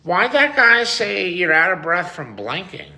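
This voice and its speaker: A man's voice: sits high, big pitch swings, a little slow, vocal fry, bright, forceful tone. A man hosting a casual livestream, chatting to viewers, reading their comments aloud and swearing freely. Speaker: livestream host.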